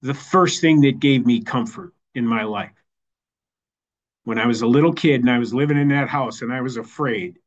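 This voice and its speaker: A man giving a personal recovery share as the keynote speaker, halting and repeating words as he goes. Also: mid-range voice, muffled recording. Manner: halting, repeats words while finding them. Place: online meeting.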